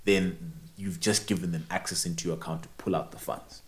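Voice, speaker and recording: A young man, chatting casually and telling animated stories with frequent laughs and restarts. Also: low voice, fairly quick. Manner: animated storyteller, laughs often, many restarts. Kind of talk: casual chat.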